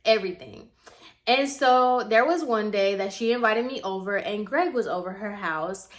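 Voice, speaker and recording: A woman's voice: medium pitch, normal speed. A young adult woman vlogger retelling a personal story in casual, chatty storytime style, with many fillers.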